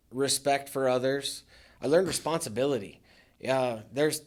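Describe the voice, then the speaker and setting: Guy on a podcast, plain mid voice, candid, kinda sarcastic, talks easy. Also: mid-range voice. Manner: frank, dry sarcastic humor. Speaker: podcast guest, military veteran in recovery. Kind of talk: candid casual interview talk.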